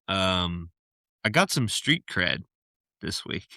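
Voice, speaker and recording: A man's voice: low-pitched, very animated, slow, creaky, bright, forceful tone, no room sound. A man co-hosting a podcast, telling a story in casual chat and laughing often mid-sentence. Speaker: podcast co-host.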